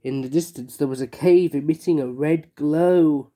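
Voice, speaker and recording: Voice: medium pitch, normal speed. A reader telling a children's picture-book story aloud, gasping for effect at dramatic moments. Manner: expressive, gasps for effect.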